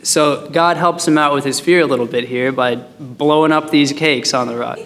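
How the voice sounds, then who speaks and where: A man's voice: medium pitch, fairly even intonation, moderate pace, fairly bright tone, a little hiss or hum. Chatty man teaching Bible, hall echo. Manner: chatty and joking, with fillers. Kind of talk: casual Bible study teaching. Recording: long hall reverb.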